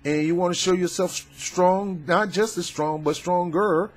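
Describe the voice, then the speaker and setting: A man delivers casual political commentary in a fervent, sermon-like, colloquial manner. His fairly high voice is husky, and he swings into loud, forceful emphasis. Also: steady tone, normal speed. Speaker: YouTube commentator.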